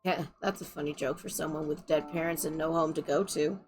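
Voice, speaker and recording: A woman's voice: low voice, fairly even intonation, fairly quick, a little mellow, soft background music. A woman streamer reading a game's story text aloud and adding dry, wry remarks.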